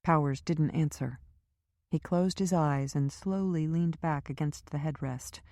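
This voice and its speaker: A woman reading a crime thriller audiobook in an even, measured narration. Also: low-pitched, no echo, studio quality. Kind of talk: scripted narration.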